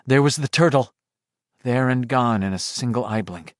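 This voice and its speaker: A man's voice: medium pitch, normal speed, no echo, studio quality. A man reading a horror audiobook aloud in dramatic scripted narration. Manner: dramatic, shifting delivery.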